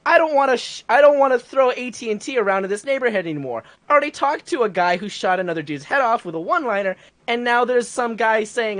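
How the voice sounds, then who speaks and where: A woman telling a work story in a casual podcast chat, animated and profane. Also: on the high side, fast talker, hardly any pauses.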